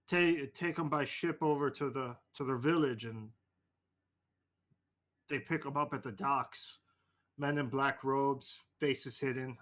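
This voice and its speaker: A man's voice: medium pitch, fairly bright tone. A man voicing a nervous captive arms broker who speaks in broken, clipped English.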